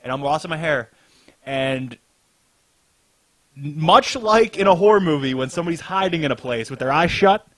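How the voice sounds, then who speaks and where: A man's voice: fairly high pitch, expressive, normal speed, long pauses, fairly bright tone, dry recording. A young man hosting a podcast, telling a story in casual chat, swearing a lot and laughing as he goes. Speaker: podcast host.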